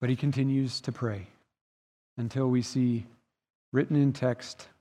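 Speaking in a steady, dark-toned mid-range voice, a pastor preaches unhurriedly in a church sanctuary. His earnest, emphatic delivery grows loud and then quiet, echoing with the long reverb of the hall.

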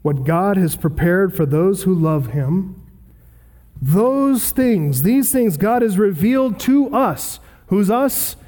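Here the pastor's voice is high and dark, his intonation lively as he takes it slowly. He reads scripture aloud within an earnest, emphatic expository sermon, and the hall adds a long reverb.

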